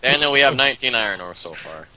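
A man's voice: medium pitch, expressive, quick pace, bright, forceful tone, a little hiss or hum, low-quality recording. A young man chatting while gaming, organizing his friends with mild exasperation. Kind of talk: casual gaming chat.

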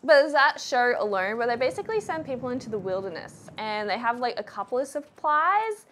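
A young woman streams a game and reacts out loud, exclaiming and laughing often. Her voice is high and swoops all over, though she talks at an unhurried pace. Game sounds play loudly behind her. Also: big pitch swings, a little hiss or hum. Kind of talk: live gameplay commentary.

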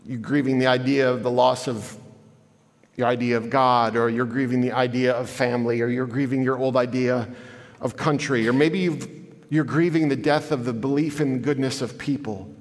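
A man's voice: medium pitch, steady tone, moderate pace. Earnest man speaking in an echoing church. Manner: earnest, conversational storytelling addressing the audience. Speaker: guest speaker. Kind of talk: inspirational public talk. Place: large church hall. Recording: echoey church hall.

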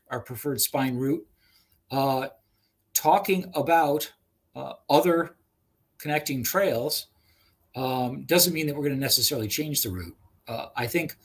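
A man working as a regional trail manager answers webinar questions over a video call, halting often with fillers and restarts. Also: mid-range voice, slightly rough.

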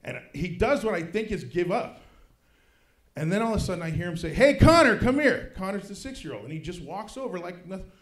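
A man in his thirties doing stand-up comedy on a club stage, swinging from low mutters to loud shouted punchlines. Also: very animated, fairly quick. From Kansas City, United States. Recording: roomy club sound.

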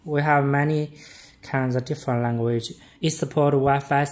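A man giving a hands-on product demonstration, talking in halting, simple broken English with short phrases. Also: mid-range voice, fairly even intonation. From China.

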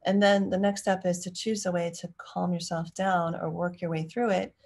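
Woman, thirties, parenting coach, low voice, gravelly, chatty live stream. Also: level tone, moderate pace. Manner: chatty and warm, acts out parent and child lines.

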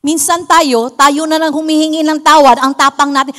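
A woman's voice: high voice, fairly even intonation, brisk, few pauses, fairly bright tone. A Filipino woman preaching a sermon, teaching emphatically and slipping into acted quotes. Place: church hall. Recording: long hall reverb.

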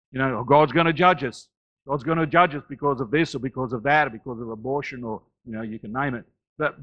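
A man preaching a sermon as a pastor, swinging between loud rising declarations and low, quiet asides. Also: lo-fi sound. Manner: rises loud on key phrases, drops low and quiet between.

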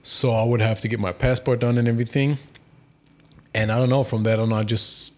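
A man's voice: medium pitch, level tone, a little fast, darkish tone. A young man with a German accent, speaking English as a second language, talking casually as a podcast guest with many hesitations and restarts. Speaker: guest, professional soccer player.

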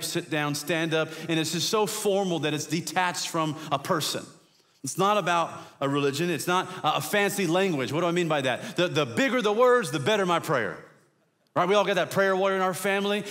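Man preaching a lively sermon. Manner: conversational, swings between loud emphatic peaks and quiet low asides. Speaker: guest preacher.

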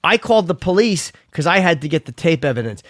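A man's voice: a little high, very animated, fast, dry recording, clean studio sound. A man co-hosting a casual chat show, retelling a story with heat and plenty of swearing. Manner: heated, profane retelling, quotes others. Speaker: podcast co-host.

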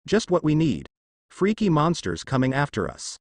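A man voicing a cocky teenage boy, talking in a smug, deadpan way. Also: on the high side, moderate pace, no room sound, clean studio sound.

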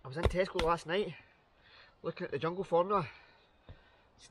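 A Scottish outdoor vlogger chats casually to camera in a forest, upbeat and thinking aloud. His voice is fairly high and a little quick, broken by long pauses, with heavy background noise around him.

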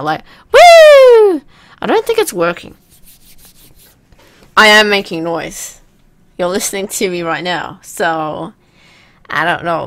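A young woman casually commenting while playing a video game, chatty and self-mocking, now and then letting out loud whoops. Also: on the low side. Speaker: let's play gamer.

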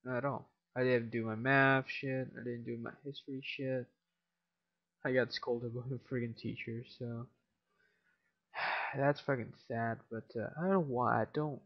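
Tired, swearing teen gamer, gravelly voice. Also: male voice, mid-range voice, fairly even intonation, a little slow, muffled recording. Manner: tired, mumbling, swears a lot. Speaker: gameplay commentator. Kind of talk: casual game commentary.

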